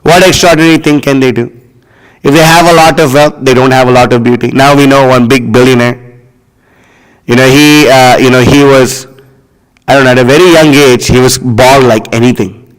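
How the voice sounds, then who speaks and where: A man giving a scripture class as a sermon, scornful and animated, leaning on lots of "you know" fillers. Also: medium pitch, normal speed, big-room sound, rough recording. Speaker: preacher.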